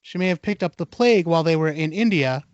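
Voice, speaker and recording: A man's voice: on the high side, quick pace, dry recording, dull audio. A man hosting a podcast, retelling an urban legend casually with lots of fillers and acted-out dialogue. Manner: animated retelling, acts out dialogue, many fillers. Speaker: podcast host.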